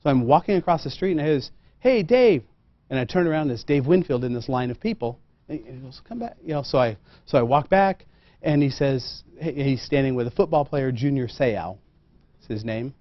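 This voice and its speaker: A man, a tailor, tells a lively personal story to a room, acting out the dialogue and poking fun at himself. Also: mid-range voice, brisk, no echo. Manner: animated anecdotal, acts out quoted dialogue, self-deprecating. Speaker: custom tailor and guest speaker. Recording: muffled dull sound.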